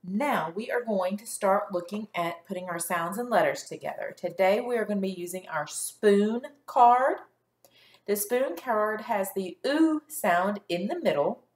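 Slow, clear-speaking woman teacher. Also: mid-range voice, lively intonation, reverberant. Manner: slow, clear, stretched-out sounds for children to repeat. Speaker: first grade teacher. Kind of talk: phonics lesson for young children.

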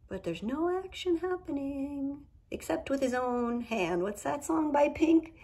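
Cursing freely and talking candidly, with emphatic asides, a woman does a casual tarot reading indoors at home. Her voice sits high and is expressive and warm, a little slow but with hardly any pauses.

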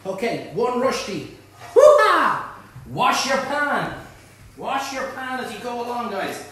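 A man's voice: very high-pitched, sing-song, measured pace, sharp tone. An Irish man hosting a live cook-along from his kitchen, joking and bantering with viewers as he reads out their comments. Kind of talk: live-streamed cooking demonstration. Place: home kitchen. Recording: echoey kitchen room.

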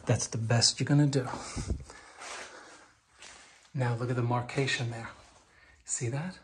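A man's voice: medium pitch, moderate pace, pauses often, background noise. A man teaching how to paint a door. He talks while he works, often drops to a whisper and makes joking asides to the viewers. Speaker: painting instructor. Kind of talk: hands-on painting demonstration. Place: indoors at a door being painted.

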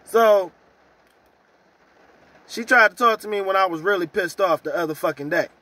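A man ranting in a profane, heated vlog about trouble at work, swinging from loud outbursts to low mutters. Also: fast talker, no echo. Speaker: vlogger.

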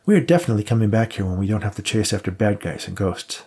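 A man voicing a caring young woman in a brisk, upbeat manner. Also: fairly low pitch, lively intonation, darkish tone, slightly rough.

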